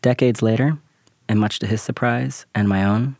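A man narrating a scripted personal essay in a measured, reflective way. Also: fairly low pitch, fairly even intonation, gravelly, darkish tone, dry recording.

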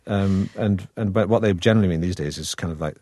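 A deep-voiced man from the north of England, his northern accent smoothed toward received pronunciation. He talks in a loose, wry, chatty way, full of ums and false starts. The sound is close and dry. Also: quick pace, mellow, dry recording. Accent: northern English, softened toward received pronunciation. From Manchester, England. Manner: chatty and wry, with frequent fillers and restarts. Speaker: actor guest. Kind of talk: relaxed conversational interview.

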